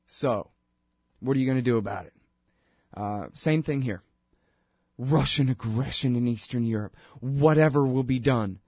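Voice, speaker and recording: A man's voice: mid-range voice, moderate pace, pauses often, darkish tone, breathy edge, no echo, studio quality. A man hosting his own talk show, delivering a sarcastic, ranting political monologue full of mocking asides. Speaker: radio show host.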